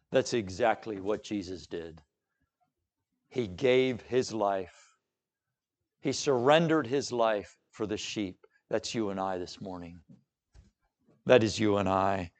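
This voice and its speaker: A male pastor preaching a sermon dramatically, moving between hushed and emphatic delivery. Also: fairly low pitch, a little slow, pauses often.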